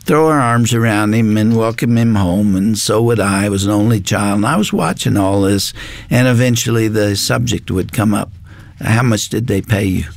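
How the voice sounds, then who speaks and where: A man's voice: on the low side, normal speed, creaky, dry recording. An older man, a guest on a Christian talk show, telling a personal testimony in an earnest, reflective way.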